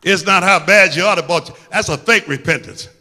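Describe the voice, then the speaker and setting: Fervent preaching man, bright and echoing. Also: high voice, normal speed. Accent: Midwestern American. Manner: fervent preaching, swings from hushed to shouting. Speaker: pastor. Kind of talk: sermon. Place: church sanctuary. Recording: church sanctuary with long reverb.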